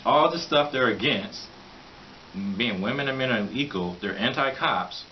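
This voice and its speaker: A man rambles through an opinionated monologue in a mid-pitched voice, breaking into mocking laughs. The recording is dull and lo-fi, with a faint hiss underneath. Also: expressive, unhurried. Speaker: vlogger.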